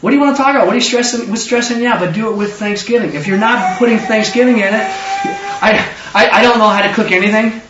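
A man preaching a lively sermon with call-and-response, acting out quotes in different voices. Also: high-pitched, quick pace, background noise. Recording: echoey room, distant mic, dull sound.

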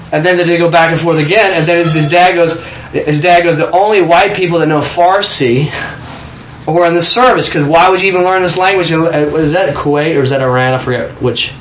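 Man, from Kansas, casual storytelling, personal testimony, acts out voices, restarts, slightly high voice, echoey room. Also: moderate pace, a little hiss or hum. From Kansas, USA. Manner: animated, acts out quoted voices, frequent restarts and laughs. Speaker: guest telling a testimony.

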